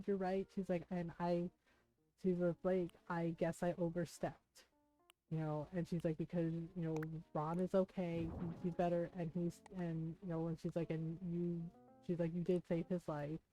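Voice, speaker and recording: A woman's voice: on the low side, warm tone, no echo, poor audio. A middle-aged woman streamer telling a story in casual, emphatic chat, laughing often.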